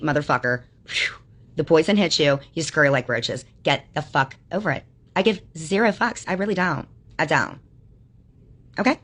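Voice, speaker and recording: A woman's voice: sits low, a bit bright. A woman livestreaming, ranting at her chat in a combative, mocking way with constant profanity.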